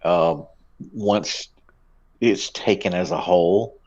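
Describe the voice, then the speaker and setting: A man's voice: sits low, slow, a little mellow. A man co-hosting a sports podcast in casual chat, laid-back and hesitant with many fillers. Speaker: podcast co-host. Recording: slightly dull, muffled sound.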